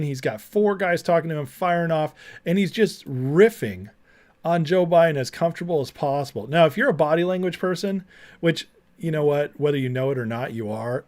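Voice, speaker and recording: A man hosting a livestream, talking casually, reading chat and mocking clips with frequent laughter. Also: a little high. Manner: chatty, laughs often, mocking. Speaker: livestream host.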